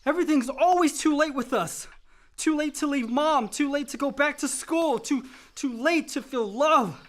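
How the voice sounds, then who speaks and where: A man's voice: very high-pitched, moderate pace, a bit bright. An actor playing Chip, a grown son who is anguished and lonely, his voice raw and breaking in a radio drama.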